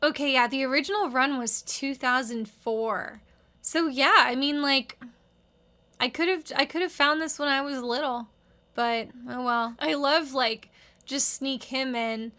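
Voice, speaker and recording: Bright, wry woman rambling. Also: high voice, measured pace. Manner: wry, rambling, heavy use of "like". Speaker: video essayist. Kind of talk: casual commentary.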